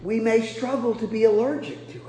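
A pastor from Nebraska preaching a sermon, telling self-deprecating stories and breaking into loud bursts. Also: male voice, very high voice, fairly even intonation, fairly quick. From Nebraska, USA. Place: large church hall. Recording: echoey hall with long reverb.

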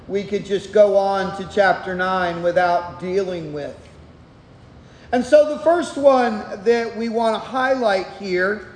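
A man preaching a sermon as pastor of a church, reading scripture and explaining it in a measured, unhurried way with frequent restarts. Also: sits high, darkish tone, slight background noise. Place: church sanctuary. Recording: echoey hall, long reverb.

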